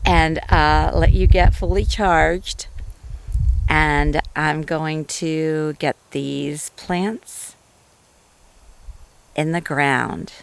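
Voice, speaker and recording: A woman chatting excitedly to viewers as she walks through her garden, filming on a handheld phone outdoors. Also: low voice, drawn-out words, creaky, long pauses, slight background noise. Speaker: gardening vlogger. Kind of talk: casual garden walkthrough.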